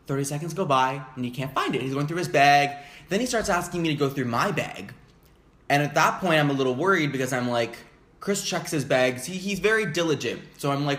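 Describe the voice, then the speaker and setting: A man's voice: on the high side, a little fast, a bit bright, echoey room. A young man chatting casually while eating on camera, rambling and laughing easily. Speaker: vlogger. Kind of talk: casual mukbang chat. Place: home basement.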